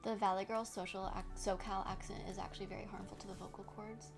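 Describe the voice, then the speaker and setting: A young woman chats easily with her viewers while she works on a craft project. She answers their comments and laughs often. Her voice sits at a middle pitch, with music playing clearly in the background. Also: level tone, quick pace. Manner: chatty, reacts to chat, laughs often. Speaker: streamer.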